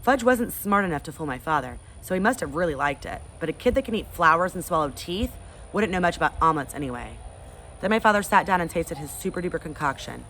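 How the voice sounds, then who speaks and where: A fairly low-voiced woman reading a storybook aloud with very lively pitch. She reads like a teacher with a class, and a faint hiss of room noise sits behind her. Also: fast talker. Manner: expressive, animated.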